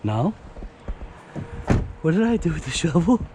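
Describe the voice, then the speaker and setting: A man chats to himself as he vlogs outside in the snow, laughing often. His voice sits fairly high and swings up and down a lot. Loud outdoor and vehicle noise runs under him. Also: big pitch swings, measured pace. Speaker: vlogger. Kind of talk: casual self-talk vlog. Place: outdoors in a snowy driveway.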